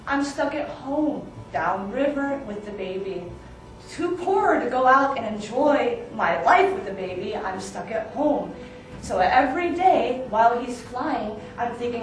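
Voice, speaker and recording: A young woman telling an improvised comic story on a small stage, lively and getting excited as she acts out her own lines. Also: on the high side, unhurried. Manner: animated, builds to excited yelling when quoting herself. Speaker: storyteller performer. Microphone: far room recording from the audience. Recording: echoey theater recorded from far off.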